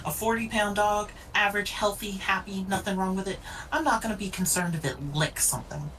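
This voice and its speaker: A woman's voice: mid-range voice, a little fast, a bit bright, distant mic, slight background noise, poor audio. A woman streamer in casual chat, telling stories in a blunt, exasperated way with plenty of swearing. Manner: blunt, exasperated storytelling with profanity.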